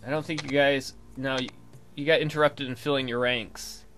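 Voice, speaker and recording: A man's voice: medium pitch, fairly even intonation, moderate pace, a bit bright, faint music behind. A man casually commenting on his gameplay, swearing, thinking aloud, and reading the game text. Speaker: let's play gamer.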